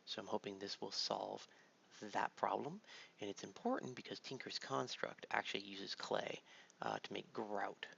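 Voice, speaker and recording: A tired-sounding father at his home computer gives laid-back, filler-heavy let's-play commentary that rambles along. He speaks at a moderate pace in a fairly low, creaky voice that is bright and forceful, recorded on a dull lo-fi mic with faint noise.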